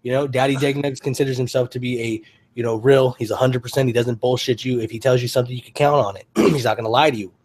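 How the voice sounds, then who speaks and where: A man's voice: mid-range voice, fairly even intonation, fast, darkish tone. A man hosting a casual chat, rambling and profane, often restarting his sentences. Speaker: host.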